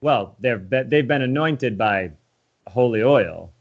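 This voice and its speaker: An American man, a comedian, interviewing a guest in casual chat with dry jokes and quick riffs. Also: medium pitch, lively intonation. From United States. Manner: dry, joking, quick to riff. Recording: slightly dull, muffled sound.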